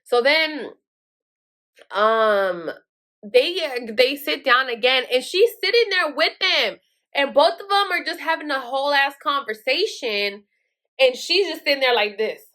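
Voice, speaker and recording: A woman telling a casual storytime on her vlog, with a rather high, very bright and forceful voice. She talks loosely and profanely and leans on "like" at every turn. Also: lively intonation, a little slow. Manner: chatty, profane, full of "like" fillers. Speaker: vlogger.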